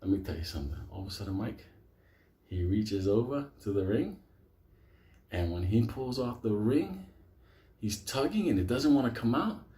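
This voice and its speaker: A man's voice: on the low side, expressive, moderate pace, pauses often, warm tone, reverberant. A man telling a wild story to a late-night audience, swearing nonstop and laughing through his own lines. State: sweating, worked up. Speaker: storyteller, stream host. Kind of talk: profane storytelling to a live audience.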